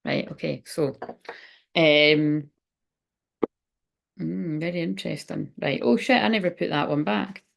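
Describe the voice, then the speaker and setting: A woman's voice: low voice, measured pace, gravelly, pauses often. A middle-aged woman giving a casual tarot reading, rambling and frank, swearing freely. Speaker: tarot reader. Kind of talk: casual spiritual reading chat.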